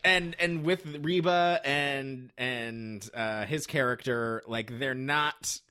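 A man's voice: mid-range voice, slow, pushed and bright, clear, resonant tone. A man chatting casually about a movie, rambling through his points with plenty of "like" and restarts. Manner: rambling, many "like" fillers and restarts. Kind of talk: casual movie-discussion chat.

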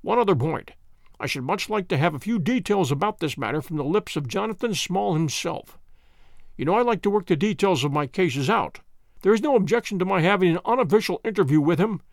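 A man voicing a calm, wry detective who speaks in a measured, commanding way. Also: sits high, no room sound, clean studio sound. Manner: measured, crisp, quietly amused.

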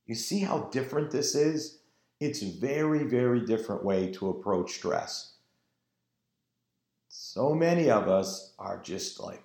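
A man's voice: mid-range voice, animated, a little slow, creaky, a little mellow. A man preaching a sermon in an earnest, emphatic way, drawing out his phrases. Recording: roomy echo.

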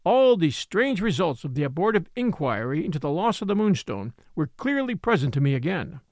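A male audiobook narrator reads a classic novel from a script, measured yet expressive. His pitch is fairly high, and the studio-quality recording carries no room sound.

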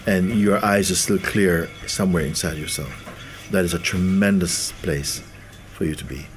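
A man's voice: low voice, moderate pace, a little hiss or hum. A man giving a spiritual talk to an audience, laughing often and acting out the voices of the people he quotes. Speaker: spiritual teacher.

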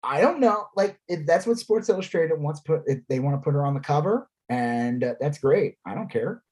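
A man's voice: on the high side, expressive, moderate pace, warm tone, husky. A man co-hosting a casual podcast, talking politics sarcastically and slipping into mocking impressions. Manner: sarcastic, drops into mocking voices. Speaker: podcast co-host.

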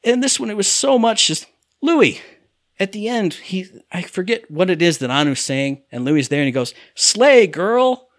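Reviewing a game as a podcast co-host, this man rants casually and imitates characters' lines with overblown voices. His voice sits high and moves at a normal speed, captured in a dry, studio-quality recording.

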